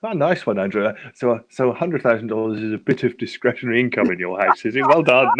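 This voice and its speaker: A man's voice: fairly low pitch, fast, a bit bright, slight background noise. A British man co-hosting a casual chat show who laughs a lot and tells anecdotes. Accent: British English. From England. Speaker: podcast co-host.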